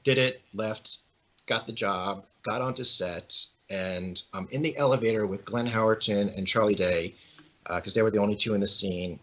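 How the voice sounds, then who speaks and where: A young man appearing as a guest actor tells casual stories in an animated way, acting out the voices of the people he quotes. His voice is lowish and his pace normal, but the audio quality is poor.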